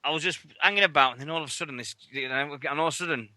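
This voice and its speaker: A man's voice: mid-range voice, fast talker, pushed and bright, dry recording. A man hosting a radio show, telling stories in casual, sweary chat and acting out what others said. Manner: chatty, sweary, acts out others' lines.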